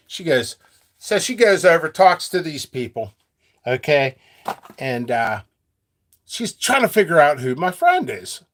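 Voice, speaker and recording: Rambling, joking man with lively pitch. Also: unhurried, pauses often. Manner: rambling, joking, laughs a lot. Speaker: seed seller and channel host. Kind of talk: free-flowing casual talk to viewers.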